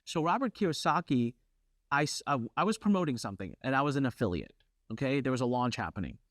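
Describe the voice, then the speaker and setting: A middle-aged man hosting a workshop, telling a brash, competitive story with lively asides. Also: mid-range voice, quick pace, no echo, clean studio sound. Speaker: workshop host.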